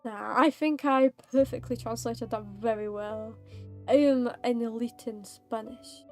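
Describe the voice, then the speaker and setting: Playful high-voiced woman game streamer. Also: fairly even intonation, unhurried, faint music behind. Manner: playful, dramatic, jokey. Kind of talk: casual gaming stream commentary.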